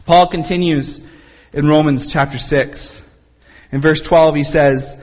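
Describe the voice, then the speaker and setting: High-pitched pastor guy preaching in church, earnest, lots of echo tail. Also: fairly even intonation, normal speed. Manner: earnest preaching, rising and falling emphasis. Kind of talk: sermon. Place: church sanctuary.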